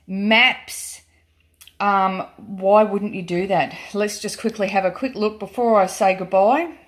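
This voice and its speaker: An Australian woman vlogger chatting casually and emphatically through a product demonstration, with many ums. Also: mid-range voice. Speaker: gold prospecting vlogger.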